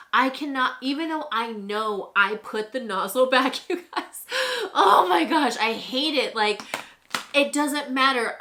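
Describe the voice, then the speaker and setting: A young woman telling a story in a chatty way, with many fillers, while she does her makeup at home. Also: mid-range voice. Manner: chatty and animated, with lots of "like" fillers. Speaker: beauty vlogger.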